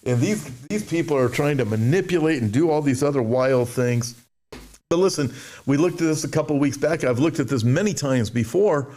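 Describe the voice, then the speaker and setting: A man's voice: lively intonation, moderate pace, warm tone. A man preaching a sermon, reading Bible verses and commenting emphatically, with mocking asides and frequent restarts. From United States. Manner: mimics complainers in a whiny high voice. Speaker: show host.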